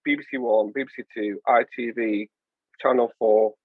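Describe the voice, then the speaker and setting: A man in his forties with a Northern English accent, chatting casually as a podcast host, animated and jokey. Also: mid-range voice, moderate pace, breathy edge, no echo, narrow, tinny audio. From England. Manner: animated, jokey, puts on voices. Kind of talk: casual chat.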